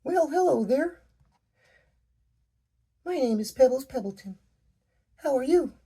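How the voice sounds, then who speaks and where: A tiny, wide-eyed girl rock from a storybook, as a man reads her, speaking in a very high, sing-song voice. She talks slowly and eagerly, with a soft, breathy edge. Her innocence comes through in every word. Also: lively intonation, exaggerated voice. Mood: innocent. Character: little girl rock, sweet, innocent, excited.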